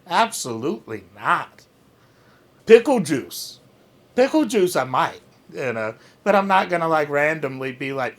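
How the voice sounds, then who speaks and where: A man hosting his own vlog, chatting in a rambling, profane, joking way and cooing baby talk at his cat. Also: fairly high pitch. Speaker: host. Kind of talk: casual rambling vlog chat.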